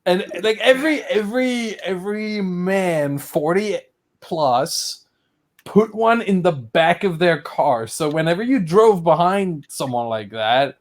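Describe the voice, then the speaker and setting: A man runs a casual live stream. His voice sits a little high for a man. He reads out viewer questions, laughs easily and swears without a second thought. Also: animated, slow. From Germany. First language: German. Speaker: streamer host. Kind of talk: casual chat.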